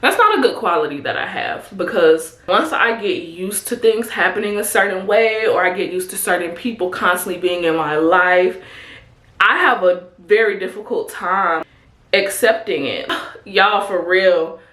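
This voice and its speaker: A Chicago vlogger in her twenties chats candidly with her viewers as she gets ready, calling them "y'all" and "honey." Her mid-pitched, fairly bright voice has lively intonation and a moderate pace, and the room echoes noticeably.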